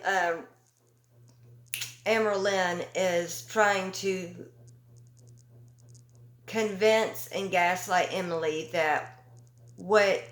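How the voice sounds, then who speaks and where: A woman giving casual opinion commentary, talking slowly and emphatically with an indignant edge and many ums and pauses. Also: fairly low pitch, fairly bright tone, echoey room. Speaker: commentary YouTuber.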